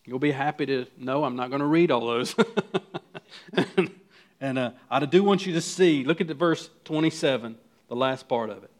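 Earnest pastor preaching with rising emphasis. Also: male voice, mid-range voice, brisk. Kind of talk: sermon.

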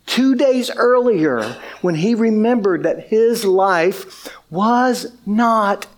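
A man preaching a sermon, telling a story with lively delivery and acting out quoted lines. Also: high-pitched, slow. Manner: animated, acts out quoted speech. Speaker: pastor.

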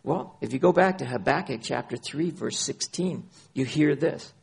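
A man preaching a sermon, his voice gravelly and a little husky. He names scripture passages by chapter and verse and drives points home by repeating his key phrases. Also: medium pitch, moderate pace. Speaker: pastor.

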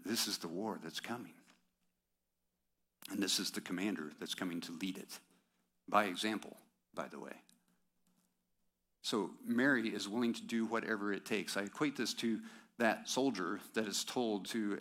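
A man preaching a sermon in a church service, talking conversationally to the congregation with rhetorical questions and quick asides. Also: fairly low pitch, a bit bright. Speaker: pastor.

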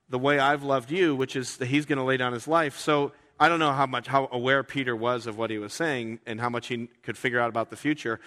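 A man preaching a sermon as pastor, talking in a conversational way and acting out quoted voices with sudden jumps in pitch. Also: bright, forceful tone. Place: church sanctuary. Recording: reverberant hall.

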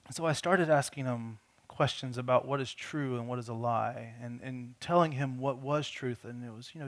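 A man's voice: medium pitch, fairly quick, few pauses. A man preaching a conversational sermon, telling a personal story earnestly and often repeating words as he restarts his sentences. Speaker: pastor.

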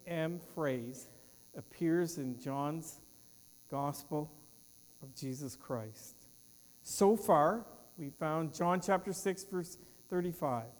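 Male pastor, slow deliberate sermon, fairly high voice, long church echo, mains hum. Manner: measured, emphatic preaching cadence, trailing off at phrase ends.

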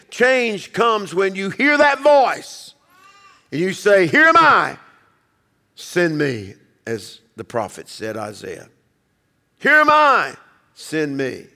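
A pastor delivers his sermon with emphasis, acting out the voices he quotes and dropping his voice low for the quieter passages. The sound has the character of a big room.

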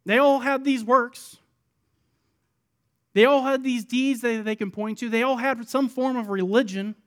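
High-voiced man preaching a dramatic sermon. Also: fairly even intonation, unhurried. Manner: dramatic, voicing the people in the parable; swings between loud pleading and soft, low asides. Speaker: pastor.

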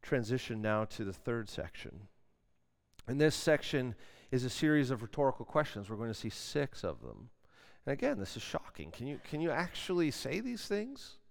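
A man preaching a sermon, dramatic, moving between loud emphasis and hushed asides. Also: medium pitch, big pitch swings, moderate pace, gravelly. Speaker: pastor.

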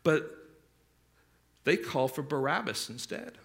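A man's voice: fairly high pitch, big pitch swings, slow pace, vocal fry, fairly bright tone. A man preaching an earnest expository sermon to his congregation, repeating words as he explains a passage. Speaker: pastor.

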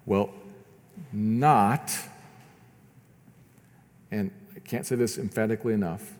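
A man's voice: on the low side, slow, long pauses, a little mellow, in a large hall. A man preaching a sermon as pastor, earnest and often repeating words as he builds his points.

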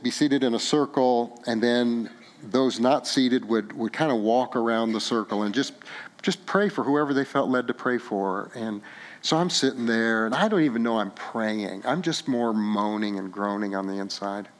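A middle-aged male pastor preaching a sermon, earnest and halting at first, then rising to fervent emphasis. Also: medium pitch.

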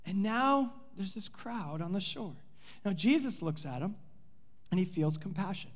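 A pastor with a high voice preaches a sermon at a measured pace, telling the story in an animated way and playfully, sarcastically acting out the characters. A long hall reverb surrounds him.

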